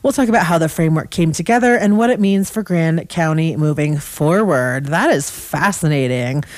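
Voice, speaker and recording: A young woman hosts a radio show, chatting between songs in a loose, self-deprecating way with plenty of restarts. Her voice sits a little low. The studio mic is close and completely dry. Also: normal speed, no echo. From Colorado. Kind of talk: casual radio DJ chat. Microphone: studio microphone.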